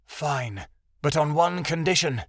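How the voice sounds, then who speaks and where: A man's voice: fairly high pitch, animated, slow pace, a bit bright, no echo, clean studio sound, full character voice. A man voicing a cold, proud male dragon who speaks curtly. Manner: cold and curt.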